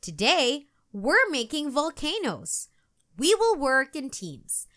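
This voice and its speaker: A woman reading aloud, voicing a cheerful, patient schoolteacher who explains things clearly. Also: high voice, wildly swooping pitch, takes it slowly, pushed and bright, pitched above the performer's own voice, exaggerated voice. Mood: instructive. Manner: clear instructive teacher tone.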